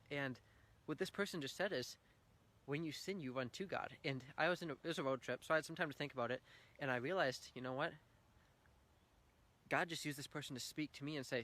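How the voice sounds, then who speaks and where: A man's voice: mid-range voice, fast talker, sharp tone. A young man giving an earnest, heartfelt personal faith testimony at church, telling his story with swells of feeling.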